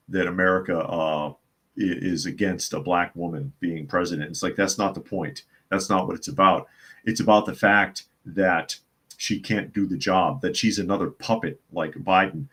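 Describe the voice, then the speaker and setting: A man hosting a casual news commentary stream, reading headlines and viewer comments with blunt, scornful remarks and frequent repetition. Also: low voice. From US South. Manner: blunt, scornful, repeats phrases for emphasis.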